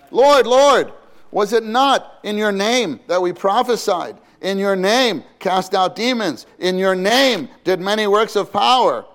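A man preaching a sermon in a conversational way, asking his listeners questions and acting out quoted voices. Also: high-pitched.

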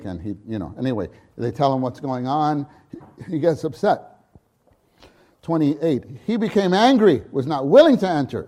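A man preaching a sermon on scripture, often restarting his words and acting out quotes with loud, high bursts. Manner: frequent restarts and repeated words.

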